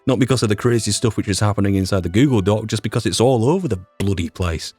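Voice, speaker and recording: A man's voice: on the low side, fast talker, darkish tone, faint music behind. A young man with a Yorkshire accent, hosting a casual podcast retrospective in a rambling, self-deprecating way with mild swearing. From Yorkshire, England. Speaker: podcast host and mod creator.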